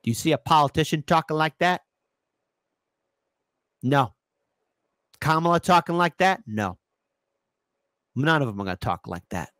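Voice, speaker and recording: A man ranting through political commentary in a lively, sarcastic voice that swings all over the place. His pitch sits a bit high for a man. The recording is close and dry, with no room sound. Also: moderate pace, pauses often, no room sound. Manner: animated, sarcastic, mocking voices.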